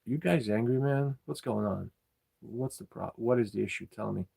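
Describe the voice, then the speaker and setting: A man's voice: medium pitch, moderate pace, vocal fry, warm tone, breathy edge. A man telling a story in a casual, indignant rant, swearing often and circling back over his points. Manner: indignant, swears freely, loops back and repeats himself. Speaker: delivery driver and channel host.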